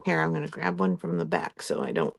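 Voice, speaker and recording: A woman's voice: a bass voice, sing-song, fairly quick, gravelly. A woman hosting a live craft-supply sale, chatting casually with ums and frequent laughs. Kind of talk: live-stream sales chat.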